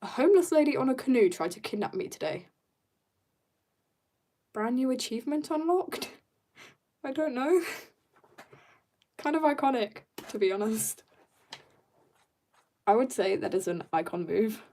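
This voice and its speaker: A woman's voice: lively intonation, measured pace, long pauses, dark tone. Bubbly woman chatting while drawing. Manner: bubbly, chatty, laughs often, jumps in pitch. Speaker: livestreaming artist. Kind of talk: casual chat while drawing, reading chat.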